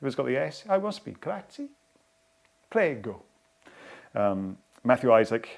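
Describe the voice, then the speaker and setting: A man's voice: mid-range voice, big pitch swings, brisk, gravelly. A middle-aged man hosting a live rowing workout stream, chatting casually and rambling with lots of self-deprecating asides and laughs. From United Kingdom. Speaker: rowing coach and host.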